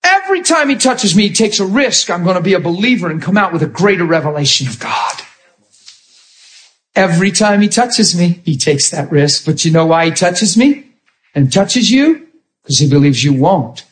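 Male preacher, slightly high voice, lively testimony-driven sermon delivery. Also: moderate pace. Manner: animated storytelling, swinging from hushed to emphatic.

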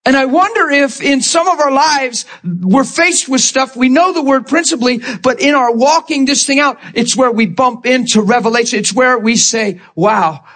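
A man preaching a sermon to his congregation, impassioned and animated, rising to shouts and stumbling over repeated words. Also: normal speed. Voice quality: high-pitched, animated, stammering repeats. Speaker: pastor.

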